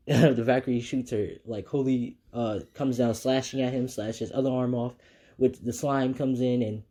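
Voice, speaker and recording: A man's voice: mid-range voice, dark tone. A man casually retelling a fan story, rambling with many fillers and restarts.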